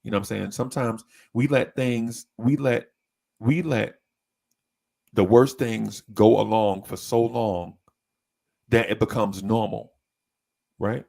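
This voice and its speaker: A man telling a story in casual chat, animated and often breaking into high voices to mimic people. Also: slow, gravelly, long pauses. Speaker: podcast co-host.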